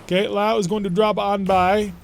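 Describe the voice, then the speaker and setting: Wry young male streamer, slightly high voice, chatty play-by-play with mock exasperation. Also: level tone, normal speed, vocal fry, slight background noise. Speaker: gaming streamer. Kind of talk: let's play gameplay commentary.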